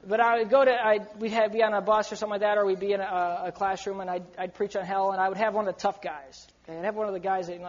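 A man's voice: high-pitched, little pitch movement, very fast, hardly any pauses, dull audio. A man preaching to young people in an urgent, emphatic sermon, often acting out what people might say. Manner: emphatic, urgent, slips into quoted voices. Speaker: youth preacher.

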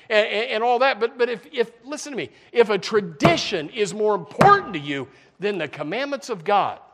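A folksy pastor delivers a sermon in a fairly bright voice that sits a little higher than most men's. He speaks plainly and casually, slipping into mocking impressions of the people he describes.

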